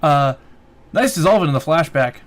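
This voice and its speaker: A man's voice: on the high side, lively intonation, normal speed. A man co-hosting a casual anime podcast, reading off voice-actor credits and swearing freely. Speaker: podcast co-host.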